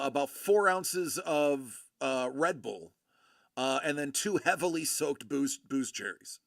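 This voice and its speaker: A man's voice: on the high side, fairly bright tone, no echo, studio quality. A man in his forties from Buffalo, New York, hosting a live show and telling rambling stories with lots of fillers and restarts. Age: 40s. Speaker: host of a collectibles live show. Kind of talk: casual live-stream chat.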